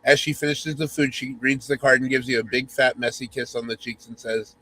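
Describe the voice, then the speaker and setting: A man's voice: mid-range voice, little pitch movement, a little fast, bright, forceful tone, a little hiss or hum, poor audio. A man hosting a podcast, reading a spoof romance story in second person with mock-sultry narration and teasing asides. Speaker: podcast host.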